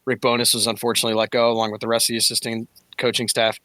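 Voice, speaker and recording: Talking very fast in a mid-range voice with a sharp tone and level intonation, this podcast co-host breaks down hockey in a relaxed, analytical way, using fillers often. There's no echo on the recording.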